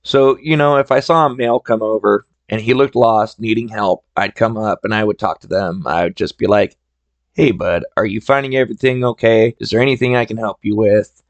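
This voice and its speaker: A man's voice: fairly low pitch, fairly even intonation, a little fast, dry recording, muffled recording. A man hosting a solo storytelling podcast, talking in a chatty, conversational way into a close mic. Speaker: podcast host.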